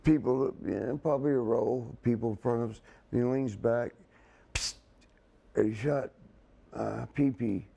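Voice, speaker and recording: A man's voice: mid-range voice, measured pace, vocal fry, mellow, husky. A man telling a rambling story as a guest in a casual chat, laughing as he goes. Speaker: wrestling guest.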